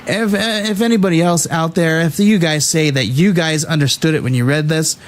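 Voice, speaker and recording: Male comic podcast host, lively and halting, voice a touch high. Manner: animated, halting with many restarts, laughs at the text. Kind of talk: casual podcast review, reading comic dialogue aloud.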